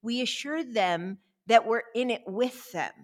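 A woman's voice: on the high side, animated, measured pace. An older woman talking as a guest author in a casual faith podcast chat, earnest and encouraging, often checking in with the listener.

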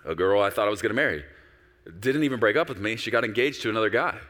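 Pastor preaching a sermon, man, low voice with bright edge, long church-hall echo. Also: fast talker. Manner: animated preaching, with quoted voices of God and himself.

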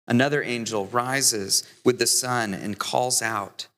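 A man preaching a sermon as deacon, earnest, building to emphatic peaks and slowing on key phrases. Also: mid-range voice, steady tone, sharp tone. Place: church. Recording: long hall reverb.

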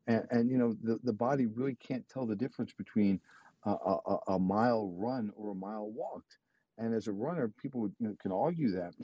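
Husky, mellow-voiced motivating man. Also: lowish voice, no room sound, muffled recording. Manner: emphatic, repetitive, coaching tone. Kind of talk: motivational casual talk.

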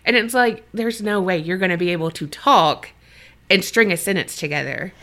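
A woman podcast co-host chatting casually, animated and full of fillers. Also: fairly low pitch, moderate pace. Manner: animated, lots of fillers and impressions. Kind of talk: casual chat.

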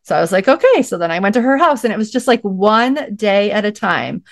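A woman's voice: mid-range voice, lively intonation, brisk, a crowd in the background. Chatty woman telling her story. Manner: chatty, many "like"s, acts out her own quotes. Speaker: podcast guest. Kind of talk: casual storytelling conversation.

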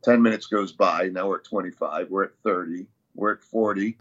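Casual male guest, bright forceful tone, rambling storyteller, muffled lo-fi audio. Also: sits low, normal speed. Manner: rambling, many fillers and restarts. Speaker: interview guest, CrossFit athlete.

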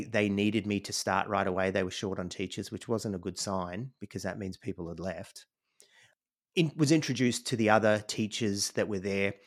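A middle-aged Australian man, a podcast guest, telling his life story in a reflective, rambling way, with frequent "you know"s. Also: fairly low pitch. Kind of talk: conversational storytelling.

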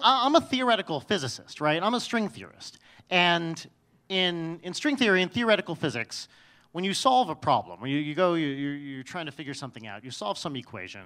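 A man's voice: on the high side, bright, forceful tone. A man telling a personal story on stage in a wry, self-mocking way, often restarting his sentences.

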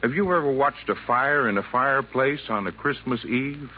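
A man playing a calm, wise Santa Claus in 1940s radio acting, gently lecturing in rhyming verse, on a tinny old broadcast with faint hiss. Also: medium pitch, normal speed, lightly acted. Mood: earnest.

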